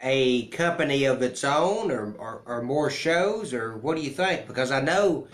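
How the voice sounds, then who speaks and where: A man hosting a casual interview who asks halting, hesitant questions. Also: mid-range voice, lively intonation. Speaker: interview host. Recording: echoey room.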